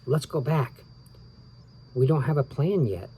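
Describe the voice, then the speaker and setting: A man's voice: mid-range voice, animated, a little slow, mellow, breathy edge. A man voicing a cautious, worried young boy in a children's book read-aloud. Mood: anxious.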